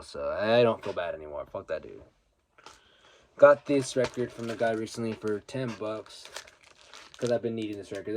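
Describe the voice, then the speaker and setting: With a fairly low, slightly mellow voice, the young man continues his casual vinyl haul chat, rambling through stories and swearing freely as he grieves a friend who has died. Slight background noise can be heard.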